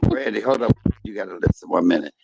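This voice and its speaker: The noisy, muffled stream carries a loud crowd behind a middle-aged male host whose low voice has vocal fry and a quick pace. In casual live-stream chat he's earnest, says things more than once and cuts in with "hold up".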